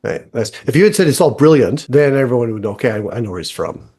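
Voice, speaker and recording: A man's voice: medium pitch, very animated, rapid-fire, darkish tone. A middle-aged man hosting a business podcast, talking emphatically and with enthusiasm. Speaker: podcast host. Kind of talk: podcast host intro and interview.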